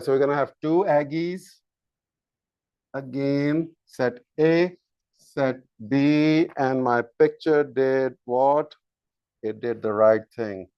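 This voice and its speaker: Slow, halting male math lecturer. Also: mid-range voice, clean tone, no room sound. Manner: slow, halting, many fillers and restarts. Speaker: university lecturer. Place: classroom. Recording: dull lo-fi lecture capture.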